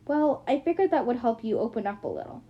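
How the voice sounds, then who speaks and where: A woman's voice: fairly high pitch, very animated, quick pace. Woman reading a good-natured young boyfriend, sheepish and easygoing, on lo-fi audiobook sound. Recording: muffled lo-fi recording.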